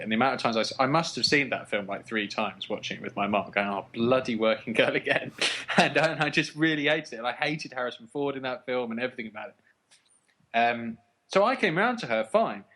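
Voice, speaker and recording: A man's voice: mid-range voice, a little fast, fairly bright tone. A man co-hosting a film podcast, ranting in casual chat with laughter and sarcastic asides.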